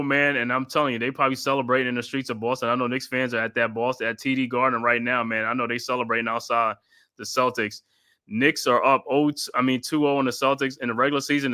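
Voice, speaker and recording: A man from New York hosting a live stream of excited postgame fan commentary, trash-talking and constantly repeating his catchphrases. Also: medium pitch, clean tone. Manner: laughs often, trash-talking rival fans. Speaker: sports live-stream host.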